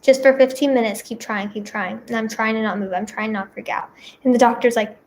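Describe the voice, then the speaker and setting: A woman's voice: on the high side, fairly even intonation, quick pace. A young woman vlogger telling a personal story in a rambling, casual way, repeating herself and saying "like" often.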